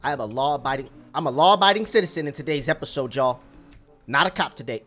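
A young man giving casual, slangy gameplay commentary as a YouTuber, rambling and excitable, shouting at other drivers. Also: a little high, fast talker, soft background music. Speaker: gaming YouTuber.

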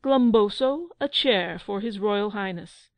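A woman's voice: mid-range voice, measured pace, no room sound, close to an everyday voice. A woman voicing a fussy, impatient old king in a storybook, flustered and formal.

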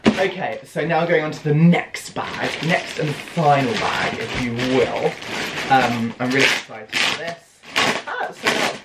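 Excitable British young man, echoey room. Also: mid-range voice, unhurried. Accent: British English. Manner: excitable and exclamatory, gasping and laughing often. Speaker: fashion vlogger. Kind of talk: unboxing haul vlog. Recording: echoey room with clear background noise.

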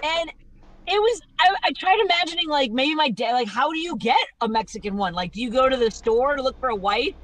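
A woman comedian and radio host from Chicago, telling animated stories over a video call from inside her parked car and acting out the voices of the people in them. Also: high-pitched, brisk, slight background noise, poor audio. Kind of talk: storytelling stand-up set.

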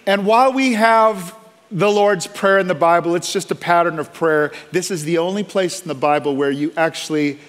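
High-voiced preaching man, hall reverb. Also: moderate pace. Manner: emphatic, piles up repeated phrases in lists; asks the congregation for an amen. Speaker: pastor. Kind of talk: sermon. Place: large church sanctuary.

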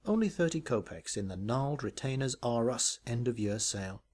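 A man's voice: mid-range voice, lively intonation, brisk, darkish tone. A man reading a comic parody story aloud in a dry, wry, arch manner. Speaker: narrator.

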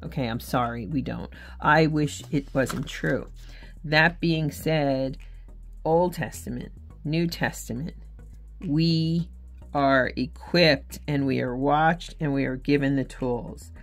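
A woman's voice: sits low, slow pace, faint music behind. A woman vlogging about her faith in casual, earnest talk, candid and often correcting herself mid-sentence. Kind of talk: casual devotional vlog talk.

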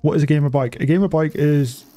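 A man's voice: on the high side, steady tone, fast talker, dark tone, soft background music. A young man, chatting and swearing casually while streaming a bike game. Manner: chatty, swears freely, laughs often. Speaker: gaming streamer. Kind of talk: casual live-stream commentary.

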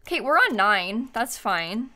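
A woman giving excitable live gaming stream commentary, swinging between panicked shrieks and quiet muttering. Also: on the high side, unhurried.

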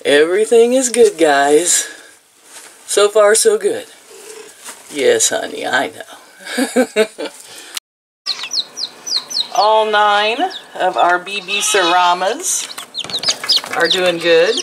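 Speaking slowly with long pauses, an older woman in a home vlog baby-talks and coos to her animals, laughing frequently. Her fairly low voice is expressive, set against heavy background noise.

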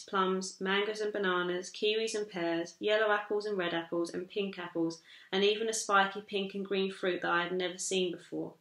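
A woman teacher reading a children's chapter book aloud in a steady storytelling manner. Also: medium pitch, reverberant. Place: school room.

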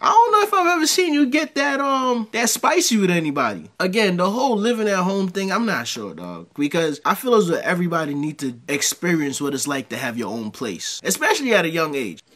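A man's voice: high-pitched, brisk, hardly any pauses. A middle-aged man, giving casual reaction commentary and telling stories in heavy slang. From New York. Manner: slangy, animated storytelling.

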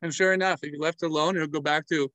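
A man vlogging, telling travel stories in a casual, animated way and acting out animal sounds and movements. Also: on the high side, racing, dry recording, poor audio.

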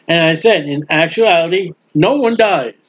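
A man teaching a Bible study sermon in a lively, animated way, playing out the voices of people in the story. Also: a little high, moderate pace. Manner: animated, acts out bystanders' mocking voices. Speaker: preacher. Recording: dull lo-fi recording.

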